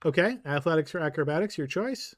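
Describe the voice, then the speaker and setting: A man's voice: a little high, expressive, brisk, no echo, clean studio sound. A man running a tabletop game as game master, patiently explaining rules and thinking aloud.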